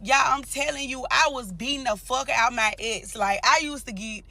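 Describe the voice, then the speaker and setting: A woman's voice: a little high, moderate pace, gravelly, pushed and bright. A young woman telling a personal story straight to her viewers, blunt and full of cursing. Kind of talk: casual storytime vlog.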